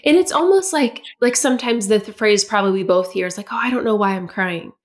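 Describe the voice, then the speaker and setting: A woman with a mid-range voice talks fast while hosting a podcast conversation. She speaks reflectively and keeps affirming her guest with frequent "yeah" and "like."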